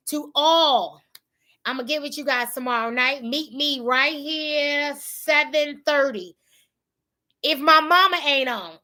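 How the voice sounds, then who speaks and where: Her voice high-pitched, bright and forceful, a woman on a livestream preaches about faith to her viewers. She keeps it casual and colloquial while staying emphatic.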